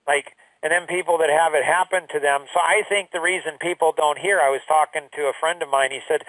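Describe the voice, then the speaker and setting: A middle-aged man talking earnestly and haltingly, sharing a personal story of loss. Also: a little high, steady tone, fairly bright tone, no room sound, far from the mic, poor audio. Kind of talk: emotional personal talk.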